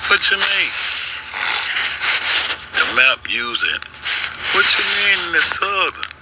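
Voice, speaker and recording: A man's voice: high voice, big pitch swings, slow. A man hosting a casual online show, arguing and cursing in while reading search results aloud. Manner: argumentative, profane, reads search results aloud. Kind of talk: casual ranting commentary. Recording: noisy home recording.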